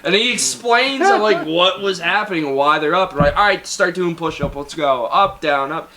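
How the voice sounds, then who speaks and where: A young man casually telling animated stories about basic training, often breaking into laughter. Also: fairly high pitch, normal speed, crowd noise. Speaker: guest. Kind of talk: casual storytelling.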